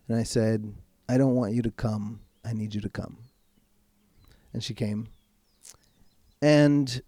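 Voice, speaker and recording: A man speaking as a podcast guest, telling a personal story in a frank, casual way and swearing freely, slowing right down when he wants to stress a point. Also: mid-range voice, dark tone, no echo. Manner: slows right down for emphasis. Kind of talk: candid personal storytelling in conversation.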